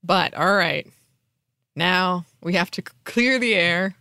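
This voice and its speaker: A woman co-hosting a podcast in casual chat, playful and quick to mock outrage and laughter. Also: lowish voice, gravelly, sharp tone, no room sound, studio quality. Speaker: podcast co-host.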